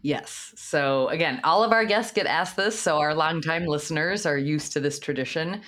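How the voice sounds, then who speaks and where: Low-pitched woman co-hosting a podcast. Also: normal speed, a bit bright. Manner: upbeat, laughs easily between questions. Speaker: podcast co-host. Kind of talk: casual podcast chat.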